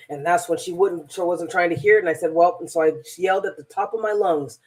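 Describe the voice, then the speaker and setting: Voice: mid-range voice, fairly even intonation, quick pace, hardly any pauses, a little mellow. A transformational coach telling a personal story in a rambling, emphatic monologue, often repeating words.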